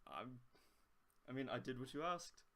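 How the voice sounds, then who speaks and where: A man's voice: medium pitch, lively intonation, moderate pace, a bit bright. A man playing a tabletop game, playful and laughing easily. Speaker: player. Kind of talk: casual tabletop play.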